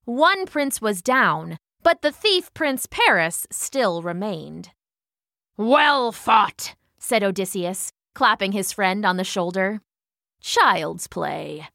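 A woman storyteller reading a story aloud in an expressive, dramatic way. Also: on the high side, dry recording, studio quality.

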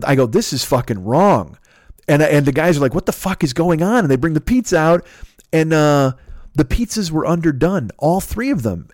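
A man's voice: a little high, a little mellow, no echo, clean studio sound. A middle-aged man from the Chicago area, telling a story in a casual, exasperated, profane rant as a podcast host. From Chicago area, USA.

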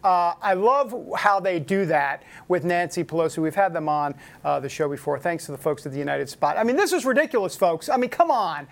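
A man's voice: sits high, expressive, fairly quick, creaky, few pauses. A man hosting a casual talk show, joking and teasing in an incredulous tone. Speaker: host. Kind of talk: casual chat.

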